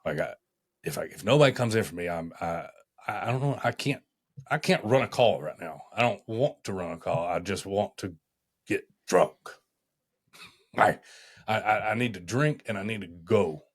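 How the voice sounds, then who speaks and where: A man, a firefighter guest, tells his story on a podcast, halting often and restarting his sentences. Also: lowish voice, animated, slightly rough.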